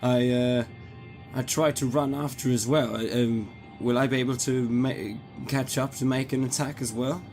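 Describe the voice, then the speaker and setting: A man's voice: medium pitch, steady tone, moderate pace, a little mellow, faint music behind. A man playing a tabletop game, talking hesitantly and thinking aloud as he plans his moves. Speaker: player.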